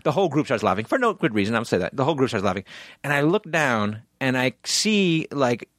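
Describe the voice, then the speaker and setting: A man co-hosts a casual podcast, winding through an anecdote with plenty of fillers, restarts and asides. His voice sits at an ordinary middle pitch. The recording is dry and close, with no room sound. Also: sing-song, brisk, fairly bright tone, no room sound. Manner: rambling, lots of fillers and restarts. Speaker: podcast co-host. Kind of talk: casual storytelling chat.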